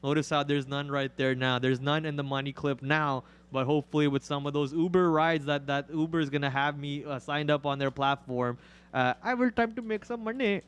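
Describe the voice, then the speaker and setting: A man co-hosting a live trading stream, giving casual market commentary with joking banter and quick asides. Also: a little high, fairly bright tone, clean tone.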